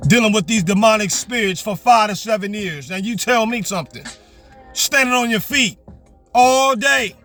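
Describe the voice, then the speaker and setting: A man's voice: high voice, normal speed, pushed and bright, soft background music. A man preaching a fervent, repetitive sermon from his parked car. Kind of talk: motivational sermon.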